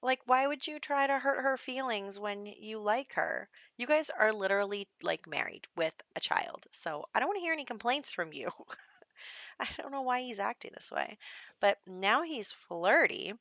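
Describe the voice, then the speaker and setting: A woman's voice: a little high, animated, unhurried, fairly bright tone, no echo, highs cut off. A young adult woman giving casual, rambling commentary over a life-sim game, with lots of fillers and little laughs. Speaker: gameplay commentator.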